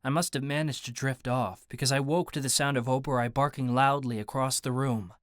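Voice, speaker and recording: A man narrating a first-person audiobook in a steady, even storytelling manner. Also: medium pitch, brisk, no echo, clean studio sound. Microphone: close studio mic.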